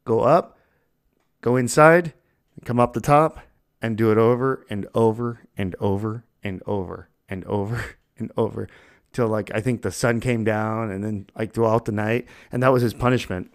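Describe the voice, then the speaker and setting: Man, podcast host, casual rambling storyteller, fairly low voice. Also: fairly even intonation, normal speed. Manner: loose, laughing storyteller with lots of fillers. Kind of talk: casual chat.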